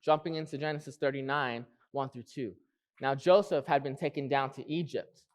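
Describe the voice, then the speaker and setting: A man preaching a sermon in church, earnest, repeating key phrases and slowing down to stress them. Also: medium pitch.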